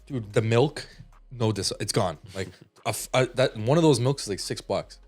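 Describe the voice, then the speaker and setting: A man's voice: medium pitch, moderate pace, darkish tone, husky, faint music behind. A young man co-hosting a casual comedy podcast, rambling through a story and acting out the quotes in a raised voice. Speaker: podcast co-host.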